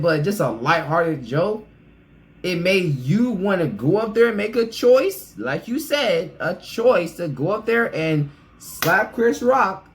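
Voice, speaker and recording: A man's voice: a little high, fairly bright tone, rough recording. A man hosting a casual reaction video, blunt and opinionated, talking straight to the person he reacts to.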